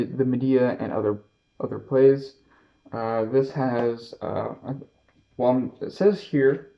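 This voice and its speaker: A man with a Canadian accent talking casually about his books, halting often with fillers and restarts. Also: medium pitch, highs cut off. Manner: halting, many fillers and self-corrections. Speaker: book vlogger. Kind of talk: casual book haul talk.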